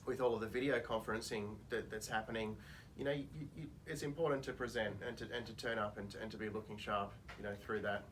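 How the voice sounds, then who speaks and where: A man with an Australian accent, a company guest in a relaxed radio interview, answering briefly and easily. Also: fairly low pitch, fast, far from the mic, a little hiss or hum.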